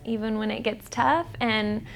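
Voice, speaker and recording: A woman giving a gentle wedding video message and marriage advice, hesitating with many ums. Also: fairly high pitch, steady tone, unhurried, gravelly.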